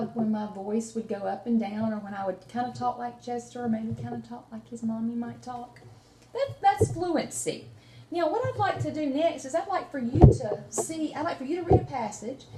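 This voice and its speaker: Expressive woman teacher, reading aloud. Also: high voice, moderate pace. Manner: expressive and encouraging. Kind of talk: reading aloud and tutoring a child. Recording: roomy room with faint noise.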